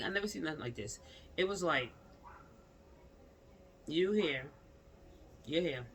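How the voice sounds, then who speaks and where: Gravelly man ranting in casual commentary. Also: high voice, big pitch swings, slow, pauses often, a bit bright, slight background noise. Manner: rambling, repetitive, exclamatory, talks straight to the subject. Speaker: commentary vlogger.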